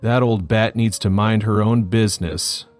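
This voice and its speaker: A man's voice: fairly low pitch, fairly even intonation, normal speed, soft background music, lightly acted. A man reading the lines of a rude young woman who speaks curtly and mutters. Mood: scornful. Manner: curt, muttering.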